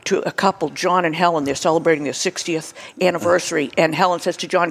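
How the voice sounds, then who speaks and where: A woman's voice: sits low, fairly even intonation, creaky, slightly rough. A woman comedian who is a guest on a podcast, telling jokes with punchy delivery in casual chat. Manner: punchy joke delivery, quick to laugh.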